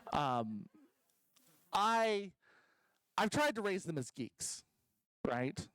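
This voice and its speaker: A man's voice: sits high, big pitch swings, very slow, fairly bright tone, no room sound, rough recording. A man doing a stand-up comedy set at a convention stage, rambling and self-deprecating, full of ums and restarts.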